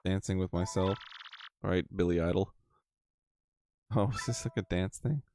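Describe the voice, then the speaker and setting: A man's voice: low voice, moderate pace, warm tone, a little hiss or hum. A man with a Canadian accent giving chatty, rambling gameplay commentary, laughing easily. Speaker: game streamer.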